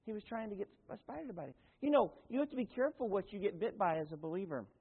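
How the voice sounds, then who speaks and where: Tinny pastor in echoing hall. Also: male voice, high voice, expressive, very fast, slightly rough. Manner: folksy and conversational, with asides and self-corrections. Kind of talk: sermon. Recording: tinny, phone-like sound in a long-echoing hall.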